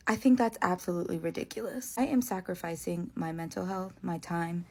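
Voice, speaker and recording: Indignant woman with gravelly low voice. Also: a little mellow. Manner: indignant, firm. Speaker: healthcare worker. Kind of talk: frustrated monologue to camera.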